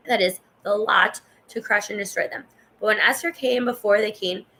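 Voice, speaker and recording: A woman's voice: mid-range voice, gravelly, pushed and bright, slight background noise, poor audio. A woman reading scripture aloud in a casual way, stumbling over hard names and stopping to cough. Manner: stumbles over names, chatty asides to the viewer. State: coughing and yawning. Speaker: Bible reader.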